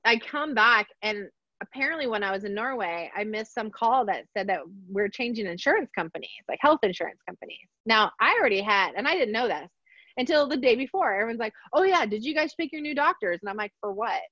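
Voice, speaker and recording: A middle-aged woman telling a personal story in conversation, animated and acting out the voices of others, laughing often. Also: mid-range voice, fairly quick, no room sound. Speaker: podcast guest. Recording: dull, dry sound.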